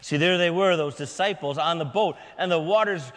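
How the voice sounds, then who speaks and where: A man preaching in a church, his voice pitched high for a man, with the sound ringing in a long hall reverb. He preaches dramatically, swinging from raised shouts down to hushed whispers. His manner is conversational but theatrical. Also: moderate pace. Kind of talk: sermon.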